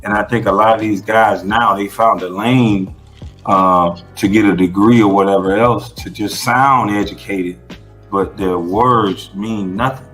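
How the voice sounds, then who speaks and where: A man's voice: lowish voice, steady tone, measured pace, fairly bright tone, faint music behind. A man being interviewed who talks in a blunt, emphatic way and swears freely. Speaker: interview guest. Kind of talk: casual conversational interview.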